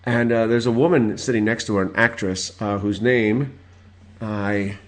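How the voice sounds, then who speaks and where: A man in his forties hosting his own podcast, telling stories in a rambling casual rant full of filler words and loud exasperated outbursts. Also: on the low side, fairly even intonation, unhurried, a little hiss or hum. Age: 40s. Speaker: podcast host.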